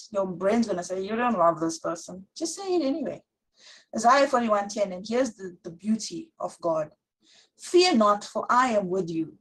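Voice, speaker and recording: Woman Bible teacher with a husky, breathy voice; earnest sermon delivery, reads verses slowly. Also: medium pitch, low-quality recording. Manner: earnest, slows to read scripture aloud.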